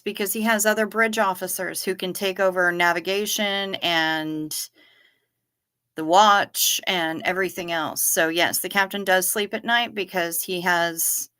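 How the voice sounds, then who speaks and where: Bright-voiced lady chatting on her livestream, reading comments and answering them. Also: lowish voice. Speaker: livestream host. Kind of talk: casual chat reading viewer comments.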